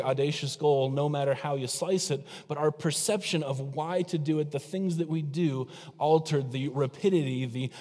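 A man's voice: a little high, a little mellow. A man preaching a sermon as pastor, engaging the congregation with questions. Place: church sanctuary. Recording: long hall reverb.

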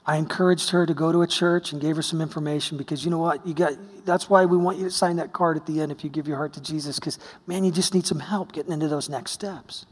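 A man from the United States preaching a sermon, telling a story, swinging between hushed and exclaiming. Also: fairly high pitch, steady tone, fast, hardly any pauses, husky. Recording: long hall reverb.

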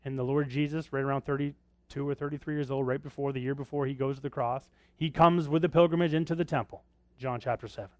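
A man's voice: mid-range voice, steady tone, fast talker, darkish tone, no room sound. A man preaching a sermon in a conversational way, often asking his listeners rhetorical questions. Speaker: pastor.

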